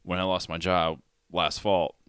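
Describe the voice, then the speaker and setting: A man hosting a podcast, talking reflectively in a relaxed conversation. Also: deep voice, clear, resonant tone, dry recording, studio quality. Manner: reflective, measured. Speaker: podcast host.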